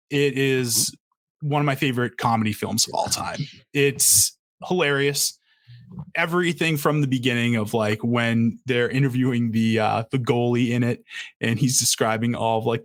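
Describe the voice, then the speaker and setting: A man with a medium-pitched, fairly bright voice hosts a casual podcast chat over a video call, running the draft, in clean studio sound with no room noise. He laughs often and restarts his sentences.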